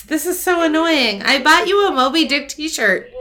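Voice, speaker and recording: A woman's voice: high-pitched, expressive, sharp tone. A young woman co-hosting a podcast, chatting casually and joking while she has the hiccups. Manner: joking, quick, laughs often. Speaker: podcast co-host. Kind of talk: casual chat while watching a show.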